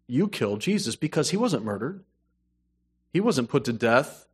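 A man preaching a sermon, moving between hushed storytelling and emphatic, rising points. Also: medium pitch, very animated, moderate pace, slightly rough. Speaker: pastor.

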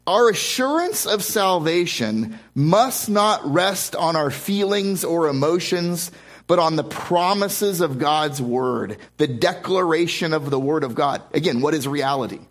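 Guy preaching a sermon, kinda high voice, keeps repeating himself for emphasis. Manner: emphatic, repeats words and restarts phrases. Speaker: pastor. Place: church service before a congregation.

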